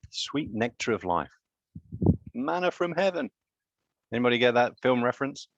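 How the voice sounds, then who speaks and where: A man's voice: medium pitch, sing-song, moderate pace, a bit bright, no echo, muffled recording. A man lecturing on genetics in a live online class, chatty and quizzing students with joking asides.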